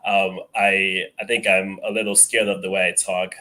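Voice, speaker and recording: Deep-voiced African-accented young man. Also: flat delivery, moderate pace. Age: young adult. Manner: shy, soft-spoken, laughs often. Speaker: caller. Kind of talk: casual chat.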